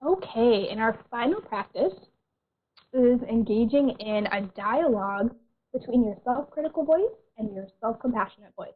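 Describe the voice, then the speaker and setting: Woman, counselor, online workshop, gentle, reassuring, keeps clearing her throat, tinny phone-like sound. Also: on the high side, expressive, moderate pace.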